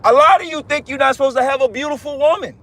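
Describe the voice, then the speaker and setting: A man's voice: very high-pitched, fast, fairly bright tone. A man preaching fervently on a livestream, repeating himself, swearing and calling his listeners brothers. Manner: fervent, repetitive, profane, addresses listeners as brothers.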